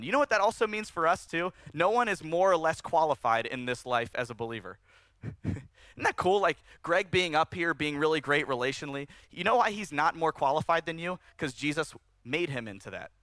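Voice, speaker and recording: A man preaching a sermon at a church service, conversational and animated, rising in emphasis as he speaks to the congregation. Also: fairly high pitch, fairly quick, no room sound. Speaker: pastor.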